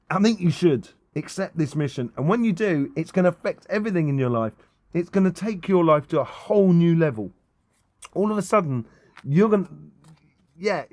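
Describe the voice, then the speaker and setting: A man's voice: a little high, a little mellow, dry recording. A middle-aged man giving a casual tarot reading, enthusiastic and rambling, with many ums and restarts. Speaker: tarot reader.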